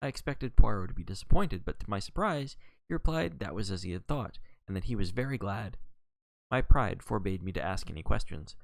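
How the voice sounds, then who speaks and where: Gravelly, lively male novel reader. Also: lowish voice, dry recording. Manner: measured reading with self-correcting asides. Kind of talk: reading a novel aloud on a live stream.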